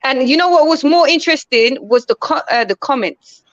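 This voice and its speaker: A woman's voice: sits high, lively intonation, moderate pace, no echo, muffled recording. A woman hosting a live online panel, chatting and telling stories playfully. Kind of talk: casual chat on a live panel.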